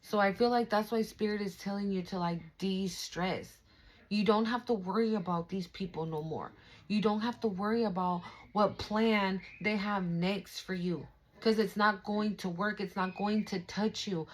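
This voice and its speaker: A woman's voice: mid-range voice, steady tone, moderate pace, poor audio. Chatty, swearing young woman reading cards. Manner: chatty and affirming, peppered with swearing and fillers. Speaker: tarot reader. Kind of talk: casual spiritual card reading to camera.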